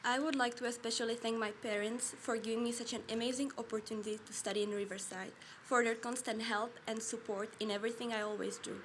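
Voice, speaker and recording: A woman's voice: fairly high pitch, steady tone, fast talker, few pauses, a little hiss or hum. A young woman in her late teens giving polite, careful thanks at her graduation. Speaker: graduating student. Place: outdoor graduation ceremony.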